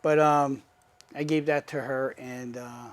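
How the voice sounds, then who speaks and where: A man's voice: mid-range voice, a little slow. A man casually telling a personal story, acting out the voices of the people in it. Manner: animated, acts out quoted dialogue. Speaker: guest.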